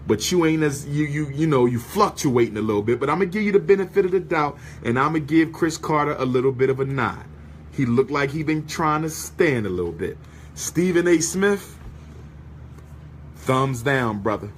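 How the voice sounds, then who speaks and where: A man's voice: on the high side, normal speed, a little hiss or hum. A man giving an impassioned, preacher-like rant to an audience, full of repeated rhetorical questions. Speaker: speaker addressing an audience. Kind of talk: impassioned ranting speech.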